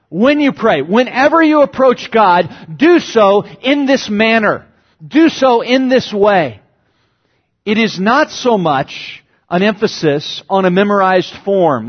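Male pastor, earnest sermon teaching, emphatic stresses, dull lo-fi church recording. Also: high-pitched.

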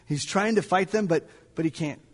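Guy preaching a sermon, kinda raspy, goes down almost to a whisper for the heavy parts, big church reverb. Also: high voice, moderate pace. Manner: dramatic storytelling, dropping to near-whispers. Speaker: pastor. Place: church sanctuary.

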